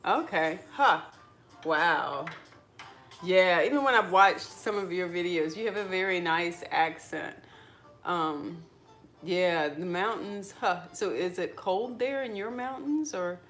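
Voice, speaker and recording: A woman's voice: fairly low pitch, unhurried, fairly bright tone, faint music behind. A middle-aged woman, chatting casually and rambling over breakfast in a vlog, with lots of "like.". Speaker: vlogger. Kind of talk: casual chat while eating breakfast.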